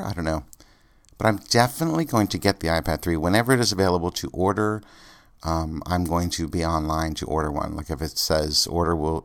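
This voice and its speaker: Low-voiced rambling podcaster. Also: male voice. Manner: rambling, thinking aloud with many fillers. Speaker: podcast host. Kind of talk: casual solo podcast.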